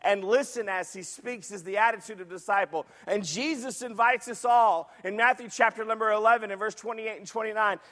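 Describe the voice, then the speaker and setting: This pastor's sermon comes fairly quick with few pauses, his high voice bright and forceful as he repeats key phrases and tosses questions back at the congregation. Each phrase trails a long reverb through the sanctuary.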